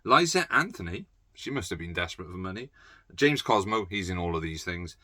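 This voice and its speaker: A man with a very low voice that still cuts through with a bright, forceful edge. He rambles casually about films, blunt and sweary, dropping plenty of ums and uhs. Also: very animated, brisk, no echo. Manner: blunt, sweary, off-the-cuff with many fillers. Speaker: movie collector vlogger.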